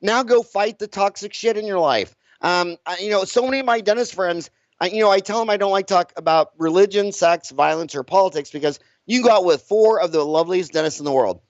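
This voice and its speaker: A man's voice: high voice, fairly quick, few pauses, no echo. A middle-aged dentist, a man, talking bluntly and with emphasis as an interview guest, often repeating his words. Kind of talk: casual interview talk. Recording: dull lo-fi recording.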